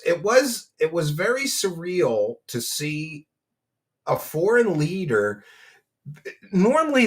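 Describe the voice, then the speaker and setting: Bright-voiced man hosting a commentary stream. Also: on the high side. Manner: mocking, laughs often, reads donor names.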